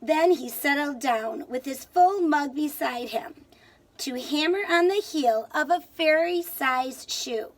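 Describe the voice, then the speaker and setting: A woman's voice: sits high, expressive, takes it slowly. A woman teacher reading a picture book aloud to children, stopping to explain words and ask questions.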